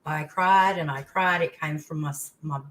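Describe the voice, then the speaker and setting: Animated older Australian woman telling a story. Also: deep voice, moderate pace, poor audio. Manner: animated storytelling, voice leaping into exclamations. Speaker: guest. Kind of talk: casual interview chat.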